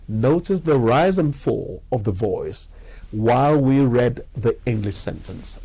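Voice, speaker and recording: A man giving a scripted lesson on English pronunciation and demonstrating sounds with slow, deliberate examples. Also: medium pitch, expressive, vocal fry, mellow, husky. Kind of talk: scripted educational narration.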